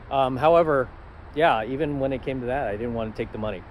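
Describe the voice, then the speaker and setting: A man's voice: mid-range voice, moderate pace, low-quality recording. A confident man in a casual vlog, speaking in a middling voice with a laid-back, matter-of-fact ease. He talks straight to the camera as he tells a personal story. Faint outdoor traffic hums behind him. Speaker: channel host.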